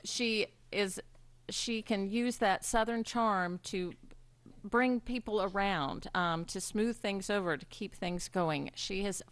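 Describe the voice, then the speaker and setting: A woman presiding over a school board meeting, giving a formal tribute speech with many pauses and ums. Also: mid-range voice. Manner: warm halting delivery with frequent ums. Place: public meeting room.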